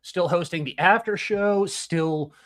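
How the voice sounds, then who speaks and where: Deadpan man guesting on a podcast. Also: high-pitched, takes it slowly, crowd noise. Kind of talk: casual comedy podcast chat.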